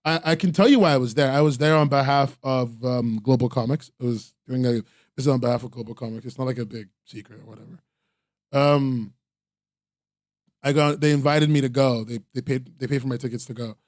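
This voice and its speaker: A man's voice: mid-range voice, brisk, a little mellow, dry recording, clean studio sound. A man hosting a webcomics podcast, chatting casually and rambling with lots of ums and laughs, tired after a long convention. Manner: rambling, self-deprecating, frequent ums and laughs. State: tired, sore from three days at a convention. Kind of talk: casual solo chat.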